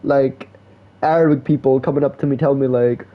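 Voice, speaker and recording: A man's voice: medium pitch, fairly quick, lo-fi sound. A man streaming live, chatting casually in a slangy, laid-back way, full of "bro" and "like". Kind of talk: casual rambling stream chat.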